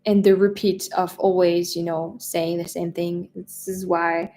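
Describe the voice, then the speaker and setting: Chatty French-accented woman, lowish voice. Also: level tone, unhurried, mellow. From France. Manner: chatty, laughs often, repeats words and restarts. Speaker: live stream host. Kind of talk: casual live stream chat, reading viewer questions.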